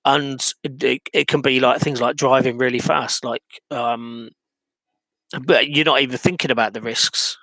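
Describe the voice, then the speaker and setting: A man's voice: medium pitch, steady tone, moderate pace, sharp tone, dry recording. A man talking alone about his own life, hesitant and reflective, full of ums and restarts. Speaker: vlogger. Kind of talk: personal monologue.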